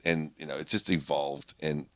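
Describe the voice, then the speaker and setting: Low voiced comedian guy rambling on a podcast, keeps repeating himself, dead dry sound. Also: fairly even intonation, moderate pace, dry recording. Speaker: comedian guest. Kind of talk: casual podcast chat.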